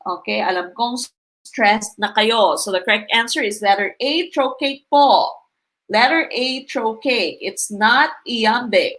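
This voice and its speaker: Woman, Filipino accent, slightly raised pitch, live-stream review teacher, patient step-by-step explaining. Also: a little slow, fairly bright tone. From Philippines. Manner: reads quiz items and answer choices aloud, explaining step by step; mixes English with Tagalog, adds polite "po".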